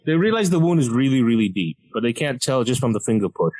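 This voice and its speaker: A man's voice: medium pitch, fast, poor audio. Young man telling a wild story. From Malaysia. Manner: animated, acts out voices of doctors and nurses. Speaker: comedian guest. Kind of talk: storytelling on a podcast.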